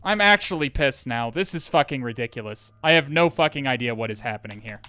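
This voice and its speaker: A man's voice: mid-range voice, lively intonation, brisk, pushed and bright, smooth, no echo. A man live-streaming a hacking session, talking to viewers in an exasperated way, swearing, sighing and restarting his sentences. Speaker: livestreamer.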